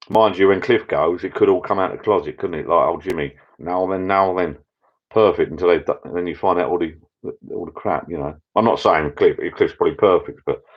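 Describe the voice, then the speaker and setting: A middle-aged man hosting a casual live chat with viewers from his backyard pub shed, rambling and getting easily excited. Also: low voice. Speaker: channel host. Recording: dull lo-fi sound.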